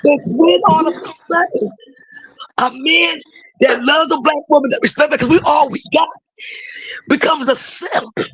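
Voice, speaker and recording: A hoarse woman with a raspy voice, a caller in a chat room giving an emotional, impassioned opinion and breaking into shouts. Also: high voice, a little slow, dry recording, low-quality recording. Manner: emotional, apologetic, bursts into shouting.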